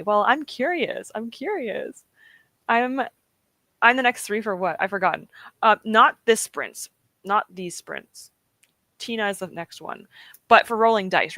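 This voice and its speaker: A woman's voice: mid-range voice, fairly bright tone, dry recording. Host, young woman, casual chatty streamer, dry recording. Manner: chatty, giggly, reads out chat comments. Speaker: livestream host. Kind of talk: casual chat with viewers.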